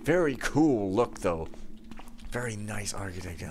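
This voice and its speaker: A man's voice: medium pitch, very animated, a little slow, very noisy. A young man giving casual gameplay commentary, ranting and easily frustrated, with outbursts and musing. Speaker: let's play gamer.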